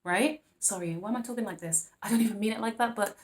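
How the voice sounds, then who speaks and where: A woman's voice: medium pitch, quick pace, hardly any pauses, slight background noise. Woman tarot reader, casual monologue, playful and rambling, with lots of endearments and laughter. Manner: chatty and playful, laughing often, calling viewers babes and darling; rambling with frequent restarts.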